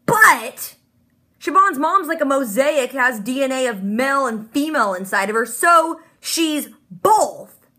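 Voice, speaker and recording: A woman hosting a casual TV episode recap, animated and bubbly, quoting characters with "like". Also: high-pitched, moderate pace.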